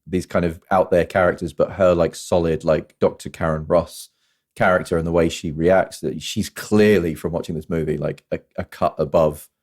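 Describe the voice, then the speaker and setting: A man's voice: deep voice, steady tone, normal speed, a little mellow. A man co-hosting a podcast, talking casually and ramblingly about films, often restarting his sentences. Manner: rambling, self-correcting, playful. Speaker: podcast co-host. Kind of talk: casual film chat.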